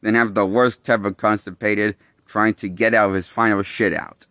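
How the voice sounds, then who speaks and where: A man's voice: lowish voice, fairly even intonation, normal speed, sharp tone, no echo. A man giving a casual spoken film review, rambling and losing his train of thought while laughing at his own jokes. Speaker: movie critic.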